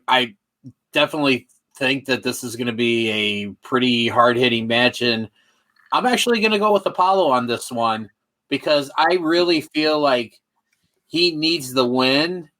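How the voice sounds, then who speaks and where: A man's voice: mid-range voice, pushed and bright. Chatty, hesitant man co-host. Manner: chatty, hesitant, full of fillers. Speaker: podcast co-host. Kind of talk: casual chat.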